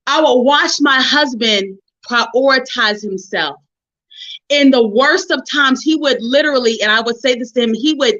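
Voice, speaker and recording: A middle-aged woman hosts a relationship call, talking in a lively, preachy testimony style and calling her listeners honey and sis. Her voice is high and bright. The sound is dull and lo-fi, like a call line. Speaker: host of a relationship forum.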